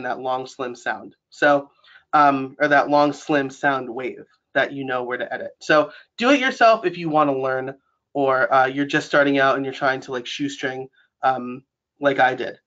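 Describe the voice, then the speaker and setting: Man, New York accent, slightly high voice, casual webinar presenter, filler-heavy, lo-fi sound. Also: pushed and bright. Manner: chatty, many fillers like um and like. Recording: dull lo-fi webinar audio.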